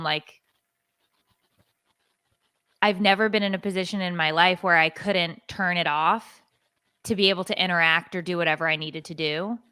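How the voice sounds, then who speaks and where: A woman in her forties co-hosts a podcast in a rambling, confessional way, with plenty of fillers. Her voice is bright and smooth, a little lower than most. The close mic sounds dry and dead. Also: no room sound. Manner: rambling storyteller, lots of fillers. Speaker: podcast co-host. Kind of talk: casual confessional chat.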